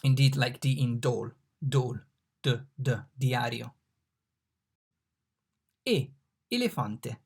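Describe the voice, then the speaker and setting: A teacher walks learners through letters and words in a slow, careful lesson. The voice is gravelly and husky, and each sound is repeated patiently. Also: mid-range voice. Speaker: Italian language teacher. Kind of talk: online language lesson.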